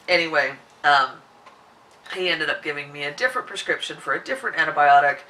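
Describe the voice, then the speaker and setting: Woman host, hoarse and husky from a sore throat, loose rambling chat, bright tone, distant mic. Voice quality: husky, deeper than usual. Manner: rambling, with many restarts and ums. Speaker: podcast host. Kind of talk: casual chat.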